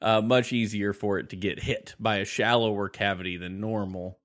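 A man's voice: on the low side, steady tone, normal speed, a bit bright. A man telling a long story in casual podcast chat, rambling and laughing as he goes. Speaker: podcast host.

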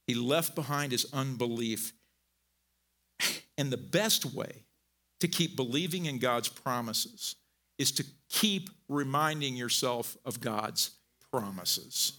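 Bright-voiced animated male preacher. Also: slow pace. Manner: animated, swinging from low and quiet to loud emphatic peaks; conversational, folksy asides. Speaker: pastor. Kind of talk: sermon.

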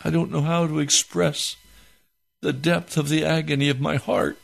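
A man praying aloud, pleading and heavy-hearted in a slow, impassioned spoken prayer. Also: fairly high pitch, steady tone, vocal fry.

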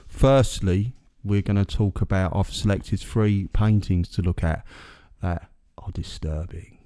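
A man's voice: deep voice, unhurried, warm tone. A man co-hosting a casual podcast, rambling and correcting himself with a jokey tone. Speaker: podcast co-host. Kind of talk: casual chat.

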